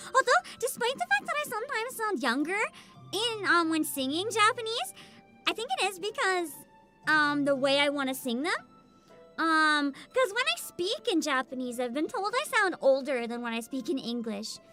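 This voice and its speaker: A woman VTuber chatting casually with her livestream viewers in a high, youthful voice, bubbly and animated, with frequent swearing. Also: moderate pace, soft background music. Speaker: VTuber streamer.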